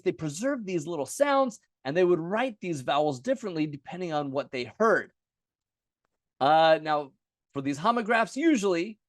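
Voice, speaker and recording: A man's voice: fairly high pitch, no room sound, clean studio sound. A man teaching an unscripted lesson, explaining step by step at a chart, casual with many fillers and self-corrections.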